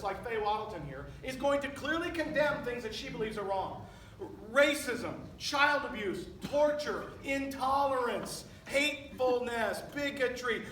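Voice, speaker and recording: A man's voice: extremely high pitch, pushed and bright, a little hiss or hum. A middle-aged male pastor preaching a sermon, emphatic and full of rhetorical questions to his congregation. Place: church sanctuary. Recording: echoey church recording from a distance.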